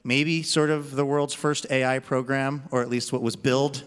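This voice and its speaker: A man's voice: medium pitch, flat delivery, moderate pace, clear, resonant tone. A man hosting a live radio show on stage, asking questions in a casual, joking way. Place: theater stage before live audience. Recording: long hall reverb from stage.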